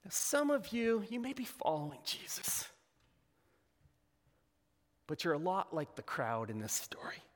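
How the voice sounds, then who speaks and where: A slightly high-voiced man preaching a lively, conversational sermon, playing out quoted lines in character voices. His voice rings through a large hall with a long reverb tail. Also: measured pace, pauses often. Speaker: pastor.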